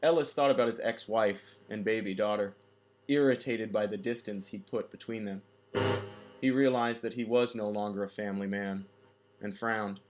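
Man, audiobook narrator, measured scripted storytelling, low pitch. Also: fairly even intonation, music in the background.

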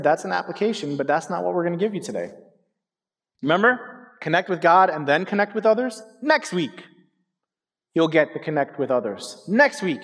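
A man in his thirties preaching a sermon as pastor, telling stories animatedly and speaking directly to the congregation. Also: fairly high pitch. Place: church sanctuary. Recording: hall reverb.

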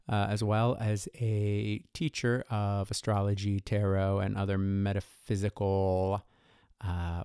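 A man's voice: fairly low pitch, a little mellow, clear, resonant tone, no room sound. A man co-hosting a podcast in casual chat, playful with a dry humor. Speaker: podcast co-host.

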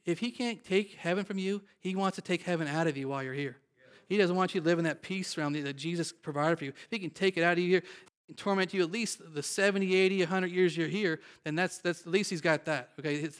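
A man preaches a sermon with a somewhat high-pitched voice. He builds emphasis and calls out to the people listening. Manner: preaching with rising emphasis, calling out to the congregation. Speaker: pastor.

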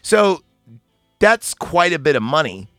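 A man's voice: on the high side, very animated, slow pace, sharp tone, no room sound, clean studio sound, faint music behind. A man hosting a casual podcast about a film, rambling, swearing often and laughing easily. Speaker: podcast host.

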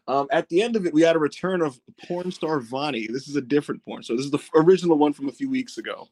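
A man hosts a podcast in loose, casual chat, spinning animated stories and swearing freely. His voice sits a little high for a man. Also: quick pace. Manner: animated storyteller, swears, laughs often. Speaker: podcast host.

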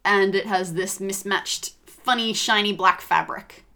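A woman's voice: mid-range voice, fairly even intonation, unhurried, bright, forceful tone. A woman narrating a tabletop game as the game master, describing scenes with light humor.

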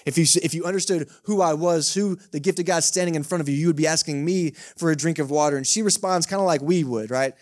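Joking pastor with a higher voice. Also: male voice, quick pace, few pauses, a little mellow. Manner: conversational, joking, keeps asking the congregation "right?". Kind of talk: sermon. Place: church service held in a cinema.

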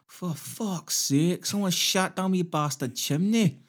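A man voicing a furious, sweary homeowner, shouting high and loud. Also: takes it slowly.

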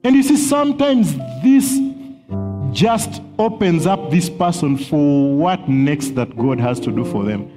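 A man's voice: a little high, lively intonation, measured pace. A man teaching on prophecy in a sermon style, earnest, chuckling often and repeating words as he searches for them. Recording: long hall reverb with faint music.

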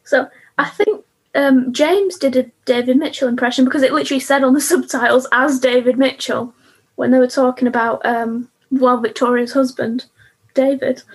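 High husky woman chatting. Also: steady tone. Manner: chatty, quick recaps with laughs. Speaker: podcast co-host. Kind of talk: casual chat.

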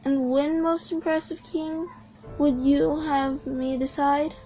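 A man voicing a gentle, devoted young princess in a storybook reading, speaking softly and tenderly. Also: extremely high pitch, flat delivery, dull audio, faint music behind, voice pushed up. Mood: earnest. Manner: soft, tender and slow.

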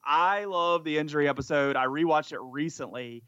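A man's voice: on the high side, moderate pace, fairly bright tone, clear, resonant tone, dry recording, lo-fi sound. A man co-hosting a podcast in casual chat, talking eagerly and rambling with lots of fillers. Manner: enthusiastic, rambling, many "like" fillers. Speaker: podcast co-host.

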